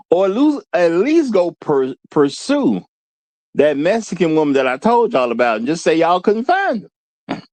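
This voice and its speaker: A man's voice: on the high side, sing-song, measured pace, long pauses, darkish tone, dry recording. A man voicing an entitled woman who demands police protection, in a mocking, indignant manner.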